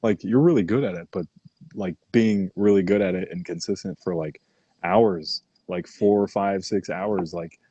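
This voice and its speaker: Low-voiced, husky young male host. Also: unhurried, dark tone, no room sound, lo-fi sound. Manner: laid-back, says "man" and "like" a lot. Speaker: podcast host. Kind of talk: casual chat.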